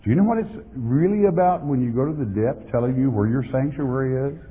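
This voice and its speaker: Husky and mid-range, a man delivers a sermon fairly quickly as pastor. His emphatic style leans on repeated words, and the tinny, lo-fi recording echoes through a reverberant hall.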